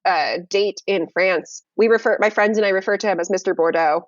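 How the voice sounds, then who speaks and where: A young woman telling a dating story in casual conversation on a video call, animated and full of fillers. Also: medium pitch, a little fast, dry recording, highs cut off. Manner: animated, many fillers and restarts. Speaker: guest.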